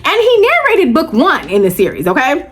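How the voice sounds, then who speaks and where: A woman's voice: sits high, wildly swooping pitch, fairly quick, faint music behind. A woman vlogging about audiobooks in a casual chat, gushing and chatty, calling her viewers "child" and "baby".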